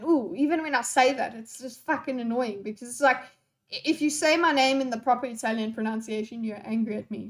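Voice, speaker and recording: A woman's voice: on the high side, fairly quick. A young woman live-streaming and chatting with her audience in a scattered, playful way and swearing freely. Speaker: live streamer reading chat. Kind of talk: unscripted live-stream chat.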